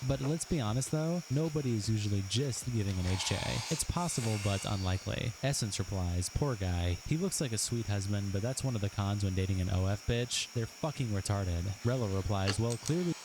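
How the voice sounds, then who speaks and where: A man's voice: lowish voice, lively intonation, fairly quick, few pauses. A man narrating, reading online posts aloud in a matter-of-fact way. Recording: noisy recording.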